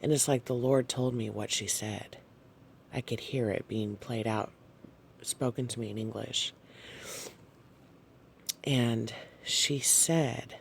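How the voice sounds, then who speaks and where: Recounting a dream for his channel, a man speaks slowly in a gravelly, medium-pitched voice with fairly even intonation. His soft, hesitant delivery is full of fillers and apologies, and there's slight background noise.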